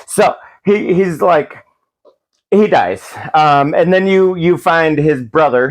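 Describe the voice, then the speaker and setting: A man giving a rambling, profane comedic recap of a film, full of restarts and acted-out quotes. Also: medium pitch. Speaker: movie reviewer.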